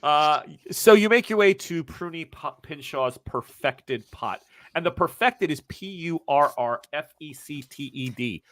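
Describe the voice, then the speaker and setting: A man's voice: fairly high pitch, lively intonation, unhurried, a bit bright, no room sound. A man running a tabletop game as game master, narrating scenes with chatty, self-mocking asides.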